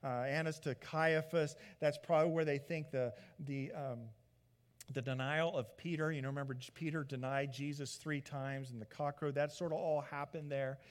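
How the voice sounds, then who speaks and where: A man preaching a sermon as a pastor, retelling the story in a lively way and acting out the people in it. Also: a little high, moderate pace. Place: church sanctuary. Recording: long church reverb.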